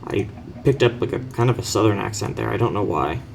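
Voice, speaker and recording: A young man with a lowish voice gives a casual tour of his game base. He rambles, corrects himself and drops dry offhand jokes, over a faint hum of background ambience. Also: animated, fairly quick, vocal fry. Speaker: player giving a base tour. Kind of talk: casual game walkthrough commentary.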